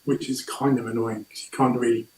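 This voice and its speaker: A man's voice: mid-range voice, level tone, a little fast, a little mellow. Rambling man from South East England, roomy. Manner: rambling, hesitant, with repeated words. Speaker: guest on a livestream. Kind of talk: casual chat. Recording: roomy echo.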